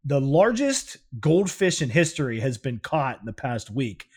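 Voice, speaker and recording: A man co-hosting a casual comedy podcast, excitable, laughing often and swearing freely. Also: mid-range voice, unhurried, husky. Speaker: podcast co-host.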